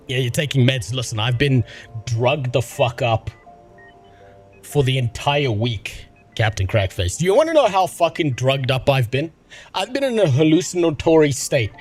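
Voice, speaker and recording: A sick, medicated man from Africa, rambling and swearing through casual livestream chat as the host. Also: mid-range voice. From South Africa. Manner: profane, excitable, rambling. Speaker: streamer.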